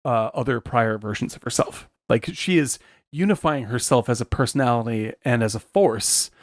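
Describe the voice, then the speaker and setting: A man co-hosting a film podcast, thinking out loud with frequent fillers and restarts. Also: medium pitch, normal speed, no echo, clean studio sound. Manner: searching for words, many restarts and fillers. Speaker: podcast co-host. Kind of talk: casual film discussion.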